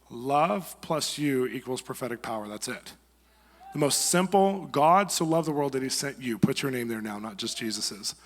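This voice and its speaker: A man preaching a sermon, telling a story and acting out the people in it. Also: medium pitch. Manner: animated storyteller acting out quoted voices. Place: church hall. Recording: long church hall reverb.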